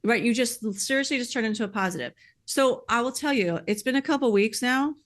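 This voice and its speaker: A woman speaking in earnest, conversational podcast talk, heartfelt and animated, often filling with "like" and "you know.". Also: a little high, fast. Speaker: podcast speaker sharing personal experience.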